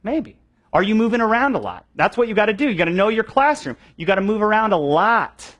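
A young man with a slightly higher voice, teaching a room of volunteer teachers. He talks in a loose, animated way, full of fillers and quick restarts, and slips into playful voices to act out students. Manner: acts out voices of students for effect. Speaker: children's ministry trainer. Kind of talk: teaching a training session.

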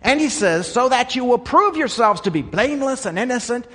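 A man preaching a sermon in an earnest way, dropping to quiet asides and then rising to emphatic points. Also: very high-pitched, very animated, fairly quick, in a large hall. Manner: earnest, swings between quiet asides and emphatic raised lines. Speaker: pastor.

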